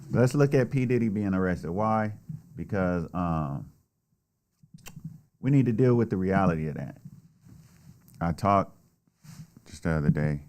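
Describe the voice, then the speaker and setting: A man's voice: deep voice, a little mellow. A man delivering a blunt, heated, heavily profane solo political rant. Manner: blunt, heated, swears often. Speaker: political commentator.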